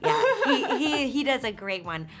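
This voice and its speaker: A woman actress answering junket questions, halting and self-deprecating with frequent laughs. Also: high voice, huge pitch swings. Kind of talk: press junket interview.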